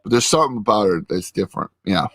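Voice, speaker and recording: A man's voice: on the low side, lively intonation, fast, a bit bright, husky, no echo. A man chatting casually at his computer, rambling through a recap with lots of fillers. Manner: rambling recap with many fillers and acted quotes. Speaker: vlogger recapping a TV episode. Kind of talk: casual chat. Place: at a computer with a friend.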